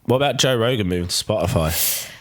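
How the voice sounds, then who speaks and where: A man's voice: lowish voice, expressive, fast talker, a bit bright. A man hosting a podcast, chatting casually and rambling with many restarts. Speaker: podcast host. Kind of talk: casual chat.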